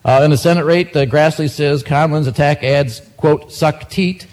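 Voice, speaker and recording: A man's voice: a little high, steady tone, moderate pace, a little mellow. A man doing a stand-up monologue of joke news headlines, dry and self-mocking between the punchlines. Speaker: comedian.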